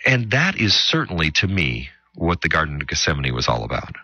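A man hosting a radio Bible teaching show, speaking emphatically with long dramatic pauses and quick asides. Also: very deep voice, sing-song, bright, forceful tone, husky, no echo, muffled recording.

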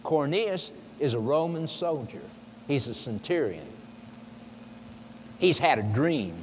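In a hall with long reverb and faint noise, a man preaches at a measured pace, his voice a little high with lively intonation. He explains scripture and poses emphatic rhetorical questions to the audience.

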